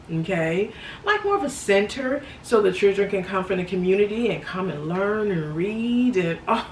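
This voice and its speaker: A woman talking casually to her viewers in a vlog, chatty and laughing often, calling them honey and sweetie. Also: lowish voice. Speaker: vlogger. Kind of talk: casual reflective vlog talk. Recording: roomy echo, distant from mic, faint background noise.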